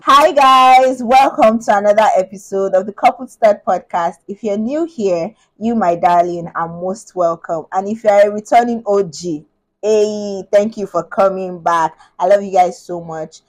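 A woman's voice: medium pitch, a little slow, soft background music, poor audio. Bubbly, laughing woman podcast host. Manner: bubbly, laughs often, thinks aloud with restarts. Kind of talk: casual podcast chat.

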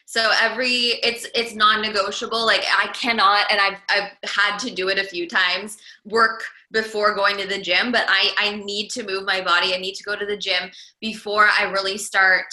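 Casting: chatty businesswoman guest, very bright tone, roomy echo. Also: mid-range voice, little pitch movement, normal speed, few pauses. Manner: chatty, many "like"s and restarts. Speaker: guest, entrepreneur and coach. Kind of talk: casual podcast conversation.

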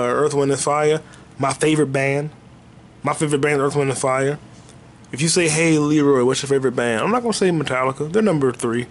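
A man hosting a podcast, riffing in a loose, jokey comedic monologue that jumps into high excited bursts. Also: slight background noise. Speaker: podcast host.

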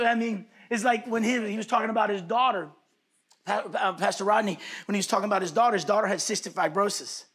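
A man preaching a sermon, impassioned, swinging between shouted bursts and hushed whispers. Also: sits high, fast talker, slightly rough.

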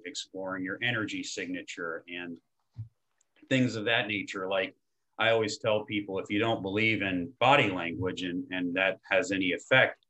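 Energetic, slangy man coaching men. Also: low voice, poor audio. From Tampa, Florida. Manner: energetic, slangy, swears casually. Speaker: men's coach. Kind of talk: casual podcast conversation.

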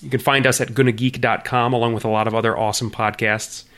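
A man's voice: mid-range voice, little pitch movement, fast, fairly bright tone. A man co-hosting a casual podcast, teasing his partner with dry humor. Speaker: podcast co-host.

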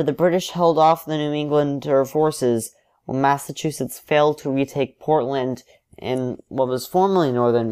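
A man narrating an alternate history story in an even, explanatory way. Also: medium pitch, clean tone.

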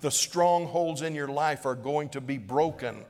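A man's voice: fairly high pitch, unhurried, darkish tone. A middle-aged male pastor preaching a sermon in a church, earnest and pleading, repeating phrases as he presses a point. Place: church sanctuary. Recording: long hall reverb.

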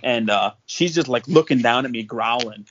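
A man hosts a casual podcast and spins a rambling tale, full of fillers and restarts. His voice sits at an everyday middle pitch. The recording is muffled and lo-fi. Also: normal speed, a bit bright. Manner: rambling, filler-heavy, lots of "like". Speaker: podcast host. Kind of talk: casual storytelling chat.

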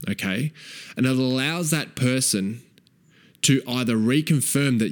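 A man's voice: medium pitch, a little slow. A man coaching fathers in a frank, profane way. He keeps asking "right?" and repeats key phrases for emphasis. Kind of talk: direct-to-camera advice talk.

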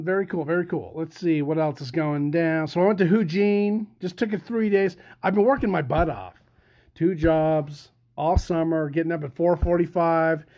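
A man's voice: a little high, darkish tone. A man hosting a casual podcast, rambling and chatty with lots of fillers and restarts. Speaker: podcast host. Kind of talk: casual chat.

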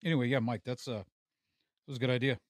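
A man's voice: medium pitch, fairly even intonation, fast talker, slight background noise. A man hosting a casual podcast chat, laid-back and swearing freely. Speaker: podcast host. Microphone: studio mic.

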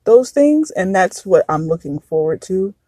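A woman's voice: mid-range voice, big pitch swings, measured pace, mellow, breathy edge, no echo. A woman in her thirties hosting a podcast, talking frankly and confessionally in a casual chat that drifts into tangents. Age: 30s. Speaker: podcast host.

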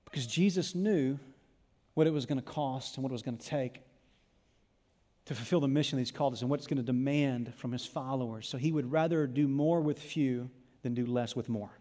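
A man preaching a sermon in church, impassioned, dropping to a hush and then rising to loud emphasis. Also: medium pitch, a little fast. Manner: impassioned, swings from hushed to loud. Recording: long reverb of a church hall.

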